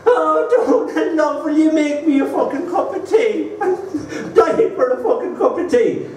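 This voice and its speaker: An Irish man mimicking his exasperated, guilt-tripping mother, drawing out her swearing complaints in a shrill voice. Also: lively intonation, a little slow, darkish tone, slight background noise. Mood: put-upon. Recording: roomy hall from far off.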